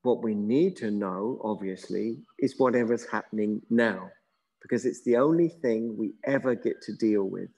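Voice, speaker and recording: A man's voice: fairly low pitch, moderate pace, low-quality recording. Man leading a yoga class. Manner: relaxed, musing, with chuckles. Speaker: yoga teacher. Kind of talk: guided yoga class instruction.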